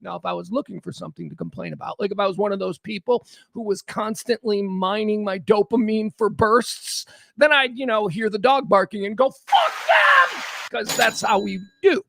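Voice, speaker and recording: Gravelly, bright-voiced man rambling. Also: sits high, fairly quick, no room sound. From south side of Chicago. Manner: rambling, wry, animated asides. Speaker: livestream host. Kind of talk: casual livestream chat.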